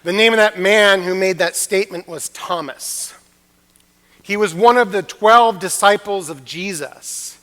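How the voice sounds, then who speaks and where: High-voiced man preaching in a reverberant chapel. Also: a bit bright. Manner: earnest storytelling with emphatic pauses. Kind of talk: chapel sermon. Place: university chapel.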